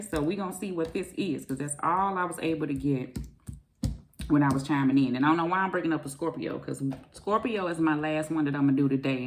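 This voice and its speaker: A woman's voice: low-pitched, a little hiss or hum. A middle-aged woman, doing a chatty casual tarot reading and calling her viewers baby and honey. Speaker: tarot reader.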